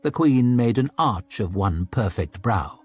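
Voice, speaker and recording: A man narrating an audiobook in an expressive storytelling manner. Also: medium pitch, unhurried, slightly rough, no echo, faint music behind. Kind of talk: scripted narration.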